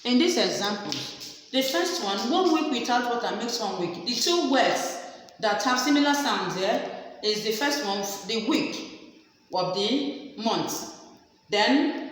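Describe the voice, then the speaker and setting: A woman teaching a literature lesson, slowly explaining and repeating each example. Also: mid-range voice, animated. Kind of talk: classroom lecture. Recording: very echoey room, faint background noise.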